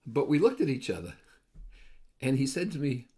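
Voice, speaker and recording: A man's voice: mid-range voice, very animated, brisk, a little mellow. A man hosting a short advice video, telling casual anecdotes with wry, joking asides. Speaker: host of a daily advice video series.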